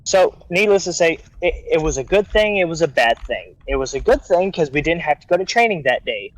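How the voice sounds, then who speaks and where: A man's voice: on the high side, sing-song, a little fast, dry recording, poor audio. Male storyteller, casual and rambling, acts out quotes, dry close recording. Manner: rambling anecdote with acted-out quotes and restarts. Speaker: guest storyteller.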